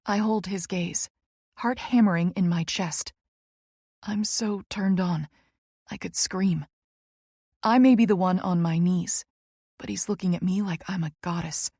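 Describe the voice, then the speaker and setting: A woman narrating a first-person romance audiobook in a slow, hushed, intimate way. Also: on the low side, fairly even intonation, husky, dry recording, studio quality.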